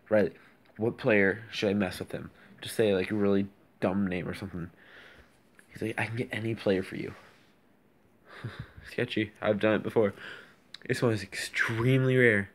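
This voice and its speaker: A man's voice: lowish voice, steady tone, moderate pace, pauses often. A teenage boy casually retelling an online chat, rambling and reading the messages aloud. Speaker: YouTuber recounting a chat. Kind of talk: casual storytelling.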